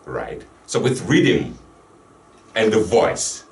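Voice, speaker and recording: A man, a poet guest, speaking in a measured, expressive way. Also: on the low side, a little hiss or hum. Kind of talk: casual chat. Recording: roomy, distant, faint ambience.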